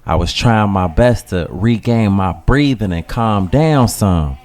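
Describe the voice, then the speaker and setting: A man's voice: on the low side, expressive, takes it slowly, a little mellow. A man narrating a first-person dramatic skit in a casual, slangy way. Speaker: storyteller.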